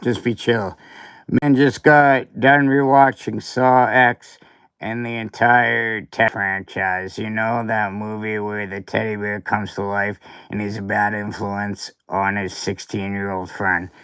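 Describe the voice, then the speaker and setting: A man's voice: on the low side, little pitch movement, takes it slowly, fairly bright tone, clear, resonant tone. A man hosting a casual livestream, rambling and grumbling with mild cursing. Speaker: livestream host.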